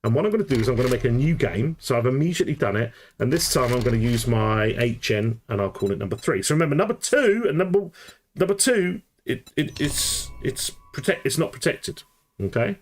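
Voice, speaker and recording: A man running a live gameplay tutorial thinks out loud, growing excited as he figures things out and frequently starting his sentences over. His voice sits in the mid-range, and he talks a little fast.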